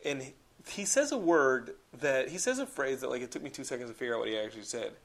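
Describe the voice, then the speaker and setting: A medium-pitched man speaks quickly as a podcast co-host discussing films in easygoing chat. His manner is rambling and animated, heavy on "like" and profanity.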